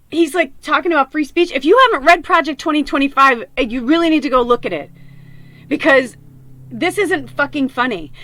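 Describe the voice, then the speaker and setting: A woman's voice: sits high, fairly bright tone, dry recording. A middle-aged woman hosting a podcast, talking in a raw, rambling, emotional monologue, tearful and often swearing. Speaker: podcast host.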